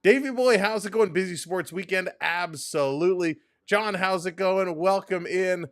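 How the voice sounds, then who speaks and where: A man's voice: sits high, normal speed, fairly bright tone, dry recording, clean studio sound. A man hosting a live hockey watch-along stream, greeting chat viewers by name in an upbeat, casual way. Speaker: sports stream host.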